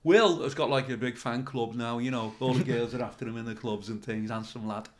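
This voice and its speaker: A man's voice: mid-range voice, a little fast. A male comedian telling stories in casual chat, swearing freely and acting out other people's voices. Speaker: comedian guest.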